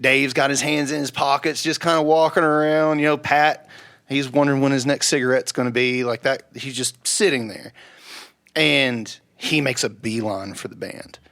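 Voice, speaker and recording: A young man telling a rowdy story on a podcast, swearing freely and loudly acting out the people he quotes. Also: medium pitch, steady tone, normal speed. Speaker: podcast guest. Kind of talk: casual storytelling.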